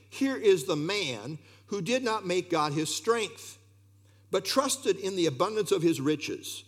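A man preaching an earnest expository sermon, reading scripture aloud and often pausing with "uh". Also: high voice. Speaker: pastor.

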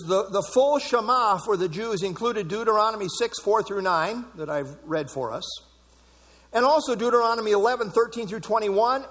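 Preaching an expository sermon with emphasis, this man has a high, slightly bright voice and leans on repeated key words to drive points home. A long reverb carries his voice through a large hall.

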